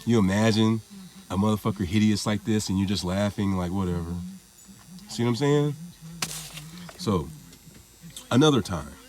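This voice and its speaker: A man with a lowish voice rambles through a casual vlog monologue. He swears freely and shrugs things off with a loose, offhand delivery. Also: normal speed, pauses often, noisy background. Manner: rambling, profane, laughing it off. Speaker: vlogger.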